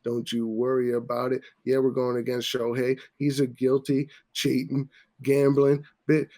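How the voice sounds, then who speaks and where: A man's voice: medium pitch, darkish tone. A man hosting a casual podcast, ranting profanely about sports after a few drinks. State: tipsy. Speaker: podcast host.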